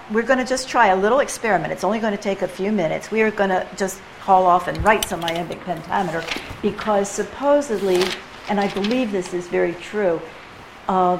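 A woman with a lowish voice teaches a poetry workshop to a room of people, chatty and animated. She plays with rhythm out loud as she explains. A faint hiss of room noise sits under her voice. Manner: chatty, animated, playful, mimics rhythms aloud. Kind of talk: informal teaching to a group. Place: room with a live group.

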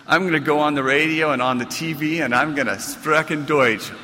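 A man's voice: on the high side, a little fast, long reverb tail, noisy background. An American man, an author at a reading, telling a comic, self-mocking story to a live audience. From United States. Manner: animated, self-mocking delivery.

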